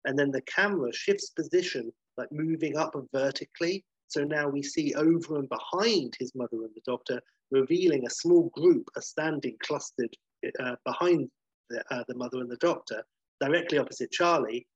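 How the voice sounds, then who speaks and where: A man, casually pitching and reading out a film script, rambling and correcting himself as he goes. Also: normal speed, slightly rough, dry recording, highs cut off. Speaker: podcast host pitching a film idea.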